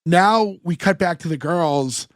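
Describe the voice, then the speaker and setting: A man hosting a podcast, recapping a sitcom episode in an animated way, acting out the characters' lines. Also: high-pitched, measured pace, no room sound, clean studio sound. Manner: animated plot recapping with acted quotes. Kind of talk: casual chat.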